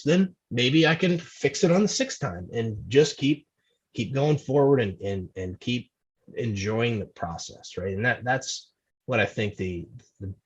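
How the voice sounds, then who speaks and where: A man's voice: medium pitch, slightly rough. A man from New Jersey telling stories as a podcast guest, rambling and restarting his sentences, often laughing at himself. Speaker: amateur racing team member, podcast guest. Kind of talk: casual storytelling. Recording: dull, lo-fi sound.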